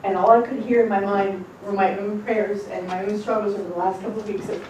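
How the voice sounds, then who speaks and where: A woman teaching a congregation as rebbetzin. She gives an informal sermon, reading scripture slowly and then talking bluntly and casually. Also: medium pitch, steady tone. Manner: emphatic and blunt, shifting between slow scripture reading and quick casual talk. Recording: echoey room, distant mic, noisy.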